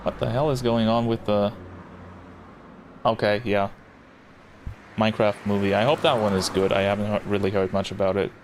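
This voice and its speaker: A man's voice: on the low side, fairly even intonation, normal speed, pauses often. A man casually commentating as he plays a game, rambling and interrupting himself with short chuckles. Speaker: gameplay commentator. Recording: audible background noise.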